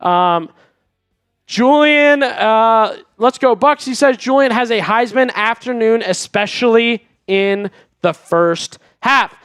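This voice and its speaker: A man's voice: extremely high pitch, takes it slowly, fairly bright tone, smooth, no echo, clean studio sound. A man hosting a live sports stream in casual chat, reading viewer messages and chatting about the team. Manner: chatty, reads viewer super chats aloud. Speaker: sports show host.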